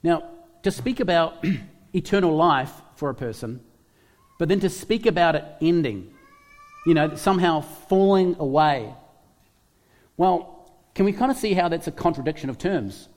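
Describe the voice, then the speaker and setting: High-voiced man preaching in a reverberant hall. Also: lively intonation, moderate pace, pauses often, darkish tone. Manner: emphatic, repeats key phrases, asks the congregation questions. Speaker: pastor. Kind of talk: sermon.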